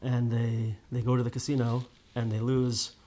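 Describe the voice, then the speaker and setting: A man teaching a casual Torah class to a small group. He tells stories with lively ups and downs, restarts often and keeps asking "right?". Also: medium pitch, normal speed, a little hiss or hum. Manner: lively storyteller, many restarts and "right?" tags.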